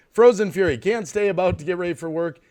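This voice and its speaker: A man's voice: high voice, brisk, a little mellow. A man hosting a casual live stream chat, worked up and ranting while apologizing for cutting in on his guests.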